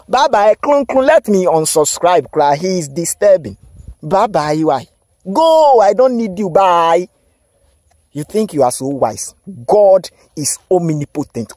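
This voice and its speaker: A man's voice: high-pitched, a little mellow. A man, a self-styled prophet, scolding his listeners and firing off repeated rhetorical questions. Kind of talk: scolding spiritual monologue.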